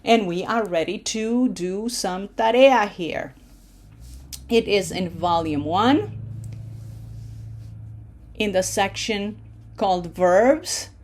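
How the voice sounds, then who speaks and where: Slow, patient woman teaching a lesson. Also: mid-range voice, expressive. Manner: patient, explains step by step, frequent "okay?" check-ins. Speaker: Spanish teacher. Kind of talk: online language lesson.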